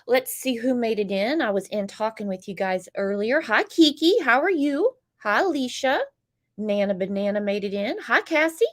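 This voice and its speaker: A woman's voice: on the high side, expressive, moderate pace. A woman with a stuffed-up, congested voice hosting a true crime livestream, greeting viewers by name and giving blunt opinions in casual chat.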